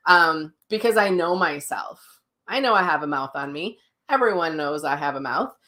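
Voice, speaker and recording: Blunt, chatty middle-aged woman, lowish voice. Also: lively intonation, moderate pace, sharp tone. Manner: blunt, chatty and self-mocking, with frank language. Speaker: psychic medium hosting a daily live session. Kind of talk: casual chat reading viewer comments.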